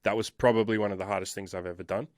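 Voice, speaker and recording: Emphatic swearing man, lowish voice. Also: fairly even intonation, racing, darkish tone, no echo, clean studio sound. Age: 30s. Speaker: guest. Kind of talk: casual interview storytelling.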